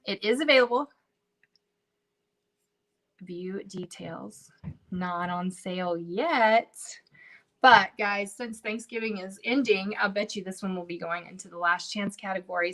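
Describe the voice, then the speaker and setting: A woman's voice: medium pitch, fairly bright tone. A woman hosting a casual crafting livestream from home, chatty and bubbly, talking straight to her viewers. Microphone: livestream camera setup.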